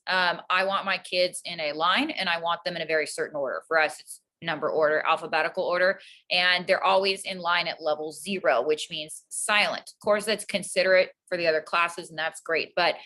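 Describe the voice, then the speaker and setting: Earnest woman teacher, bright voice. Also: on the low side, poor audio. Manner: earnest, calm, explanatory. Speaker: teacher, guest. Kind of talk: casual interview answer.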